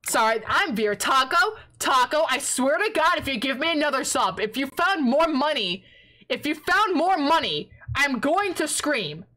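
A woman streamer chatting casually while drawing, excitable and prone to yelling in playful protest, her voice sore and raspy from long yelling. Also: high-pitched, moderate pace.

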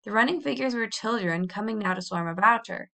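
A woman reads a storybook aloud in a measured, expressive way. Her mid-pitched voice has a gravelly, creaky texture. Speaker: audiobook reader. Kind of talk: storybook narration.

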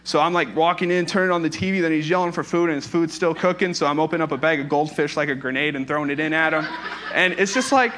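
Young guy pastor preaching, chatty and animated, kinda high voice. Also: fast, few pauses, a little hiss or hum. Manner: conversational, animated storytelling with playful asides. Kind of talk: sermon.

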